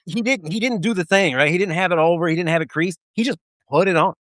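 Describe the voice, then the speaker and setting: A man co-hosting a casual chat, telling an army story in an animated, profane way with frequent laughter. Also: high-pitched, quick pace, no echo, clean studio sound. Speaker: podcast co-host.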